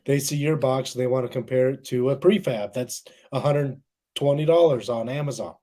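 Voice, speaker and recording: Mellow-voiced man chiming in casually. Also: mid-range voice, moderate pace. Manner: relaxed, agreeable, chimes in with questions. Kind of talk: casual podcast chat.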